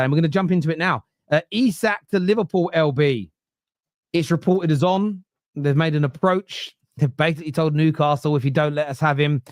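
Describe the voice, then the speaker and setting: A man's voice: a little high, no room sound, clean studio sound. A man hosting a football podcast, ranting in an exasperated, sweary way about his club. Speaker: podcast host. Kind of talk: heated football fan rant.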